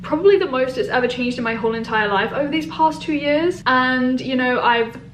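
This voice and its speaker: A woman's voice: high voice, a little fast, slight background noise. A young woman vlogging casually as she answers viewer questions, candid and emphatic, with a rambling, chatty flow. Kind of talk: casual Q&A vlog. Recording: roomy echo.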